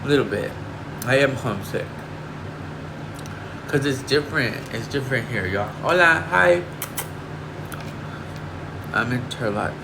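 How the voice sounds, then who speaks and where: A man's voice: mid-range voice, normal speed, creaky, long pauses. A man from Northern California chatting casually with livestream viewers, confiding and emotional, rambling with lots of fillers. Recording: air conditioner hum behind.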